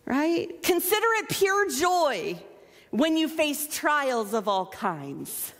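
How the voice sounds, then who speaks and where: A woman pastor preaching a sermon, animated and playful, with self-mocking asides. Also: high-pitched, takes it slowly, long reverb tail. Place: church sanctuary.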